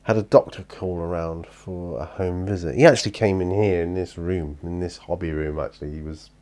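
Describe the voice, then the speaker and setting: Tired british guy chatting in his hobby room, deep voice, lots of ums and restarts. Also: steady tone, brisk, a little mellow. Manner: rambling, chatty, with many fillers and restarts. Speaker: hobby vlogger. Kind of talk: casual chat.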